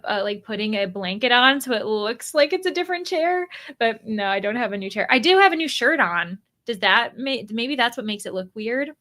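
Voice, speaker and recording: A young woman hosting a reading livestream from home, chatting warmly and greeting viewers by name as she reads out the chat. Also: mid-range voice. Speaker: readathon livestream host. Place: home room.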